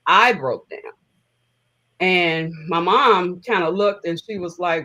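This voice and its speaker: A woman's voice: lowish voice, slow, sharp tone, poor audio. Woman recounting a personal story. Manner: emotional, conversational, many fillers. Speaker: interview guest.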